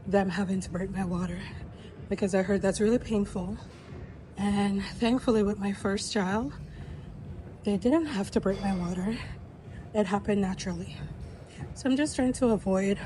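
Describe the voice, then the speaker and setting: A woman's voice: medium pitch, a little mellow, a little hiss or hum, low-quality recording. A young woman vlogging candidly at the gym, out of breath after a treadmill walk. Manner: candid, chatty. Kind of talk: casual vlog chat.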